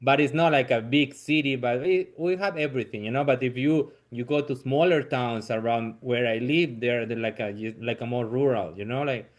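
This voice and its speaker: A man with a Chilean accent chats in English, his second language, as a guest on a podcast. His voice sits at an ordinary middle pitch. He talks in an easygoing, informal way and laughs readily. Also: moderate pace, few pauses. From southern Chile. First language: Spanish. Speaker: guest comedian. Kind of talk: casual podcast chat.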